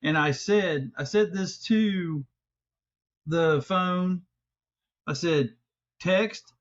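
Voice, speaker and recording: A man hosts a casual podcast chat in a fairly high voice, telling stories with profane, exasperated bursts. The recording has a slightly dull, lo-fi sound. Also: extremely slow. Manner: animated, profane, jumps into loud exasperated outbursts. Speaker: podcast host.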